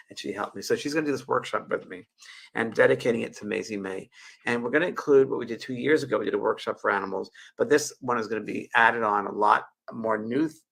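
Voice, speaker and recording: A man hosts his show and tells a tender personal story, circling back and restarting often. His voice is gravelly and a little husky, with a bright, forceful edge. He speaks into a webcam. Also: fairly low pitch. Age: 60s. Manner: rambling, emotional, with frequent restarts and laughs. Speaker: show host.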